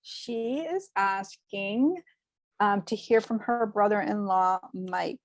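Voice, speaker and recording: Woman medium chatting away, animated and gushy, dry close sound. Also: medium pitch, takes it slowly, no room sound. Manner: animated, gushing, many fillers. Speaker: medium and show host. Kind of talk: spiritual reading, casual chat.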